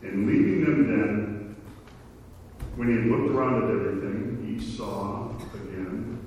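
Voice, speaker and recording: A man's voice: fairly low pitch, a little slow, a little mellow. A man preaching a sermon, telling stories in a conversational way with asides. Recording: echoey hall from far off, faint noise.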